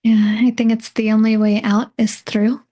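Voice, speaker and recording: A woman hosting a podcast interview, asking gentle, musing questions. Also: a little high, level tone, normal speed. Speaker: podcast host.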